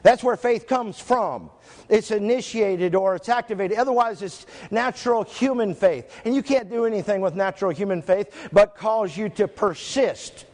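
A male pastor preaching a sermon to his church, reading scripture slowly and stressing single words. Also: high voice, darkish tone. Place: church sanctuary. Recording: echoey church hall.

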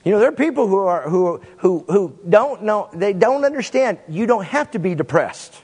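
A man preaching a sermon in an animated way, with sudden swings in pitch and pace. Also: normal speed, breathy edge, long reverb tail.

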